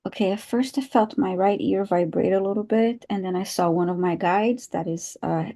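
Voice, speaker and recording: A woman co-hosting a live stream, speaking in an unhurried, soft-spoken way with light laughs. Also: mid-range voice. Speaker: psychic reader and co-host. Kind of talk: live-stream casual chat.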